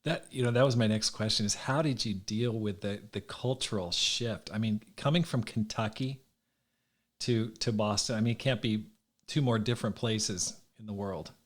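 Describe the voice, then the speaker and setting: A man hosting a podcast interview in a relaxed, conversational tone. He often doubles back on his words and restarts as he works out his questions. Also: lowish voice, moderate pace. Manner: relaxed, restarts and repeats words while thinking. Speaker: podcast host.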